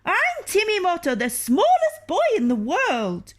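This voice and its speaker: Tiny cheeky boy squeaking way up high, fearless and bold woman doing it in a storybook read. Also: wildly swooping pitch, measured pace, full character voice. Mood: taunting. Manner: shrill, bold taunting. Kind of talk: storybook reading.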